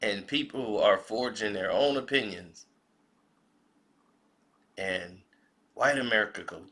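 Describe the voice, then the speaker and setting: A male commentator with a lowish, gravelly voice talks slowly and deliberately. His tone is bright and forceful, and he lets rhetorical questions hang for effect. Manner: measured, reflective, asks rhetorical questions. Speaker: commentary vlogger. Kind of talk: spoken commentary.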